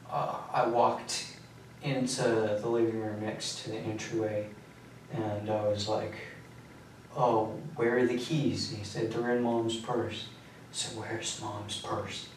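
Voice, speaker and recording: A young man giving a police confession in a recorded interview, talking in a halting, detached way with many pauses and fillers. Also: fairly low pitch, flat delivery, fairly bright tone. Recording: echoey room recording from far off, faint hiss.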